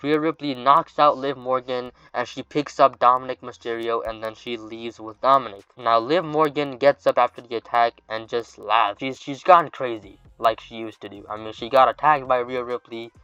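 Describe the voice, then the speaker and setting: A man narrating casually in a bright, crisp voice and tossing in offhand asides. The recording is dull and lo-fi, with a dry, close sound. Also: medium pitch, steady tone, normal speed, few pauses, no echo. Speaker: fantasy booking narrator.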